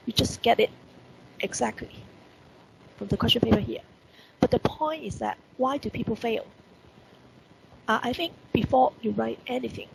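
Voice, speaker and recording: A woman's voice: on the high side, gravelly, very noisy. A woman with a Hong Kong accent teaching an online English lesson, stressing key words and asking rhetorical questions. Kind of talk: online lesson explaining report writing. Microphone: computer mic on video call.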